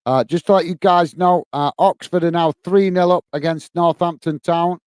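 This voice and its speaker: Smooth-voiced Northern Irish man calling football. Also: a little high, fairly even intonation, normal speed, darkish tone, no echo. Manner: friendly and chatty, often says "mate" while reading viewer comments. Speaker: host of a football watch-along stream. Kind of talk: live play-by-play commentary with chat.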